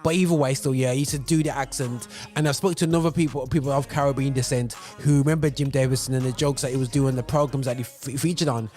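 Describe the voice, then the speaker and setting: A man's voice: medium pitch, fairly even intonation, fast, hardly any pauses, darkish tone, soft background music. A male radio presenter giving casual spoken commentary, talking loosely with many fillers and digressions.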